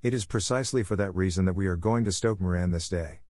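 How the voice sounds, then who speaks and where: A man voicing a calm, dryly ironic detective in a storybook reading, bland and unruffled. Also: low-pitched, quick pace, no room sound, clean studio sound, lightly acted.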